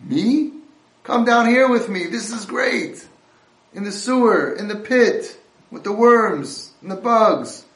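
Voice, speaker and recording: A man voicing a deluded man stuck in a pit who calls it great, loud and drawn out. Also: high-pitched, expressive, slow, voice pushed up, full character voice. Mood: gleeful. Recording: roomy echo.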